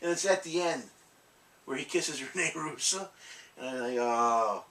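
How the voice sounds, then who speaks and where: A man's voice: medium pitch, animated, a little slow, far from the mic. A man hosting a collectibles channel, telling rambling stories in casual chat, laughing often and swearing. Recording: echoey room, off-mic, faint noise.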